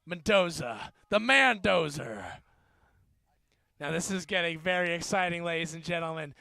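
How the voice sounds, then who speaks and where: A young man calling an amateur rugby game play-by-play, joking between plays and getting louder on big runs. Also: a little high, normal speed, vocal fry, no room sound. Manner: jokey, rising to excited shouts on big plays. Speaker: student play-by-play commentator. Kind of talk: amateur sports commentary.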